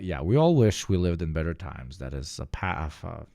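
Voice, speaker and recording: A man's voice: low-pitched, big pitch swings, normal speed, vocal fry, dark tone, no echo. A man hosting a live stream, chatting casually and joking with his chat. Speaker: streamer host.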